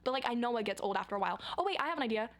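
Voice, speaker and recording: A young woman chats straight to camera in a loose, rambling vlog. Her voice sits a little high, and she gets excitable and dramatic as she talks. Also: very fast. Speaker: vlogger. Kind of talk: casual chatty vlog.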